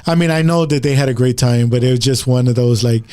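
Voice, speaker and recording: A man's voice: medium pitch, fast talker, warm tone. A man hosting a casual talk show, telling a story to listeners in a rambling way, often repeating words and starting over. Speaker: podcast host.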